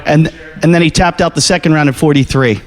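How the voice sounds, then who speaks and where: A man's voice: fairly high pitch, fast talker. Male comedian host, blunt and profane, casual banter delivery. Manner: blunt, profane, wrapping up the show. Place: jiu-jitsu gym.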